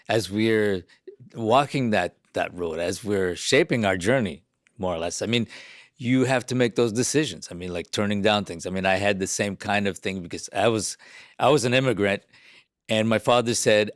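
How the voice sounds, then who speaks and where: A man hosting an interview, speaking in a reflective, measured way. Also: lowish voice, dry recording, studio quality. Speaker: host. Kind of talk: interview conversation.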